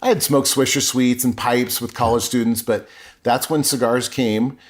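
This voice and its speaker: A man's voice: medium pitch, steady tone, moderate pace. A middle-aged man, a podcast guest, telling his personal story in an earnest, openly emotional way with frequent restarts.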